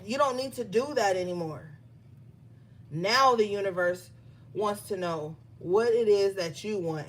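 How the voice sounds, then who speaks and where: A woman with a fairly high voice gives a tarot reading in a chatty, emphatic way, speaking straight to her viewers. Soft music plays quietly behind her. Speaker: tarot reader.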